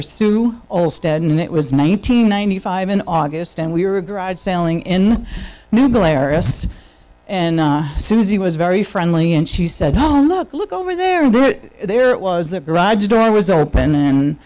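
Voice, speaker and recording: At a church service, a woman with a New York accent chats through her personal testimony, stumbling into fillers, restarts, and corrections of herself as she tells her story. Her voice sits on the low side with a dark tone, and the recording is rough.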